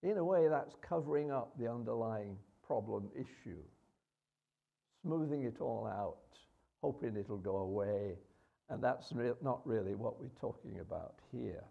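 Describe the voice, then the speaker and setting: A man's voice: medium pitch, lively intonation, a little slow, creaky, phone-quality sound. A man preaching a sermon in a conversational way, with rhetorical questions and hesitations.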